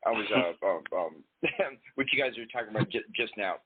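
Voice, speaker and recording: A man's voice: lowish voice, lively intonation, brisk, background noise. A man chatting on a live internet radio show, laughing a lot and throwing in exclamations. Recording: tinny phone-like line.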